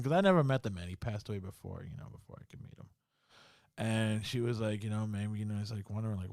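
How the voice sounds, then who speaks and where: A man hosting a podcast, telling a ghost story in casual talk full of swearing and slang, dropping to a hush in the scary parts. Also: on the low side, fast, vocal fry, dry recording, clean studio sound. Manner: swearing, slangy, full of "bro" and "you know"; drops to a hushed voice in the scary parts. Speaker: podcast host.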